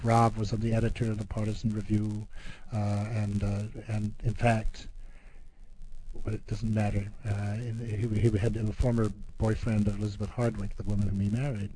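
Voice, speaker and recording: Man, mid pitch, warm mellow tone, halting explainer who reads verse slowly; faint room ambience behind. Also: little pitch movement, a little hiss or hum, low-quality recording. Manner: halting, repeats words when explaining. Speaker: poet and guest discussing poetry. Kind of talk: poetry reading and discussion.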